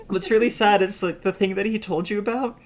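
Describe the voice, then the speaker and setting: A man's voice: high voice, fairly even intonation, fairly quick. A man running a tabletop game as game master, chatty and rambling, laughing often.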